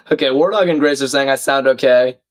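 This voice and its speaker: A man with a croaky, slightly sick voice, hosting a live crossword stream in a chatty, casual way and reading viewer comments aloud. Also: mid-range voice, moderate pace. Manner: chatty, reads chat aloud, self-deprecating. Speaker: livestream crossword host.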